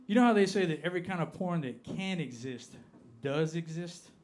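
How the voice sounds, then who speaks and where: A man with an Appalachian American accent, doing stand-up in a comedy club. His voice sits a little high for a man. He delivers deadpan, slowing down on each punchline. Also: a little hiss or hum. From Appalachia, United States.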